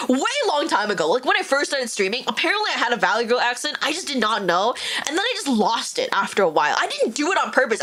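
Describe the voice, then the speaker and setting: A young woman streamer chatting casually on a live stream, bubbly and giggly with quick asides. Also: high-pitched, bright, forceful tone. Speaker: streamer and voice actor. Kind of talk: casual live stream chat, reading a visual novel.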